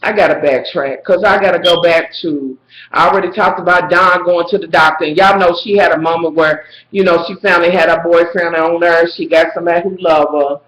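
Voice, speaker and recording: A woman in a casual vlog, reviewing a reality show with sassy, profane, animated rants and frequent shouting. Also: fairly low pitch, a little fast, dull audio. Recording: echoey room.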